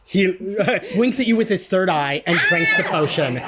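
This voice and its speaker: A man's voice: high voice, lively intonation, normal speed, heavy background noise. A man narrating as game master at a live event, enthusiastic and full of fillers. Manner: enthusiastic, many fillers and "yeah, yeah".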